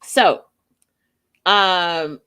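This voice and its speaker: A woman's voice: lowish voice, drawn-out words, pushed and bright, clear, resonant tone. A woman hosting a show, recapping a reality TV episode in a chatty, emphatic way and addressing her listeners directly. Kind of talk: casual recap commentary.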